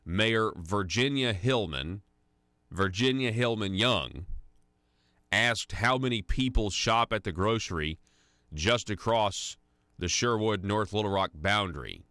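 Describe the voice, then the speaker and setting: A man's voice: lowish voice, expressive, slow, pushed and bright, dry recording. A man hosting a conservative talk radio show, delivering an indignant, sarcastic monologue full of restarts into a studio microphone. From United States.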